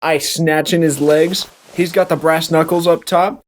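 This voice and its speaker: A young man co-hosting a podcast, telling a silly story in a matter-of-fact, deadpan way. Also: fairly high pitch, unhurried. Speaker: podcast co-host. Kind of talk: casual comedic storytelling.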